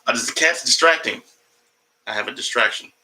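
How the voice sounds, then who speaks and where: On a rough recording, a man livestreams rambling comedy from home, hopping between topics, swearing, and stopping to talk to his cat. His medium-pitched voice is bright and forceful, and he speaks a little fast.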